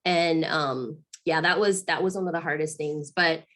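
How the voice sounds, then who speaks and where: A woman's voice: low-pitched, fairly even intonation, normal speed, fairly bright tone. A woman, a mother from Arizona in her thirties, talking candidly as an interview guest, earnest and emotional, with many restarts and frequent laughs. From Arizona, USA.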